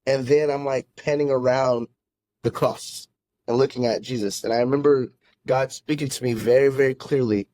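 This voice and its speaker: A pastor telling his own faith story in a podcast conversation, earnest and halting, often restarting his sentences. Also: mid-range voice, steady tone, darkish tone. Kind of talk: casual testimony in a conversation.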